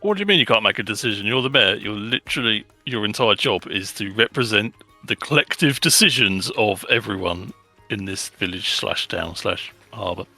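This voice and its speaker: A man's voice: lowish voice, normal speed, bright, forceful tone, dry recording, faint music behind. A man playing in a tabletop game, blunt and joking with stumbling restarts. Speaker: player. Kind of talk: tabletop role-play.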